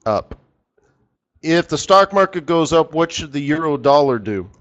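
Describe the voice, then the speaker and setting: A chatty, animated man hosts a live teaching stream and talks straight to his viewers by name. His voice sits a little higher than most men's. The audio is slightly dull and lo-fi. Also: measured pace. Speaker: trading strategist hosting a live session.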